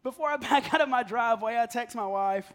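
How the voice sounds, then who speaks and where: Very high-voiced and fairly quick, with a fairly bright tone, this pastor in his thirties preaches casually. He leans on self-deprecation and storytelling, laughing often along the way.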